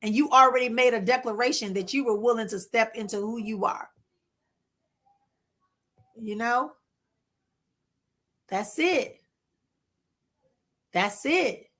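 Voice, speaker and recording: A woman hosting a casual spiritual livestream, talking warmly to her viewers and reassuring them with slow, repeated phrases. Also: fairly high pitch. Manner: warm, reassuring, addresses viewers as "my love" and "honey"; drawn-out soothing repetitions.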